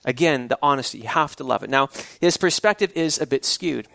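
A man's voice: mid-range voice, animated, fairly quick, vocal fry, a bit bright, no room sound. A man preaching a sermon in a conversational way, often restarting his phrases as he works through a Bible story. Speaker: pastor.

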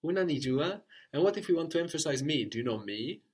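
Man, language teacher, patient, prompting, husky, breathy edge. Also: a little high, expressive, fast talker, darkish tone. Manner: patient, prompts and corrects, often ends with "no?". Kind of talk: guided spoken language lesson.

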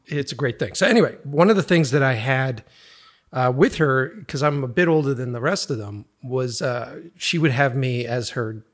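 A man's voice: mid-range voice, normal speed. A man, a horror film director, telling a childhood story in a casual chat and laughing through the funny parts.

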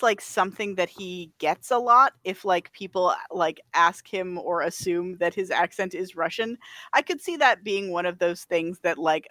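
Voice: medium pitch, sharp tone, dry recording. Chatty podcast cohost, lots of likes and ums, dry close sound. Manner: rambling, heavy on filler words, laughs often. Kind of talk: casual chat about a video game.

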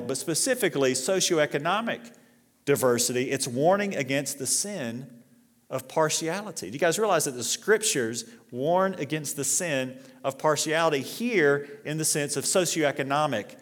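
A middle-aged male pastor preaching a sermon in a relaxed, conversational way, with fillers and restarts, and rising in force when he reads scripture aloud. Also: mid-range voice. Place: church sanctuary. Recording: long reverb of a church hall.

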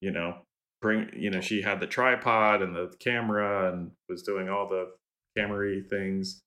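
A man co-hosting a gaming podcast, telling a travel story in a relaxed, hesitant way with many fillers. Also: deep voice, normal speed. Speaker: podcast co-host. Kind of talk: casual storytelling.

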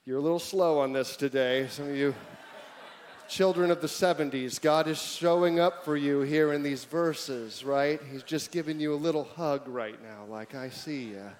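Preaching pastor, loud then hushed. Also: male voice, fairly high pitch, normal speed, slight background noise. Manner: swings from loud emphatic preaching to hushed near-whisper; humorous asides to the congregation. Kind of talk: sermon.

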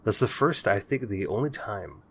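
A man's voice: on the low side, expressive, normal speed, fairly bright tone, slight background noise. A man co-hosting a podcast, talking casually and thinking aloud with many fillers and restarts. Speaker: podcast co-host. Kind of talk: casual chat.

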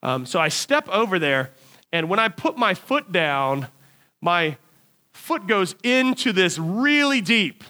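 A man preaching, telling a lively personal story as a sermon illustration and acting out his own cries. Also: high-pitched, slow pace.

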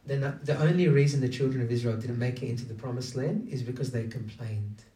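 A man's voice: medium pitch, quick pace, warm tone. A man preaching a conversational sermon who keeps asking his listeners questions. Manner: engaging, asks the audience many rhetorical questions. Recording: echoey room, distant from mic.

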